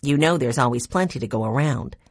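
A woman's voice: rumbling low, a little fast, breathy edge, no echo, clean studio sound, pitched below the performer's own voice, heavily acted. A woman voicing a welcoming white-haired older hostess.

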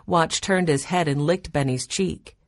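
A woman narrating a children's storybook aloud in an expressive reading style. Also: deep voice, a little slow, no room sound, clean studio sound.

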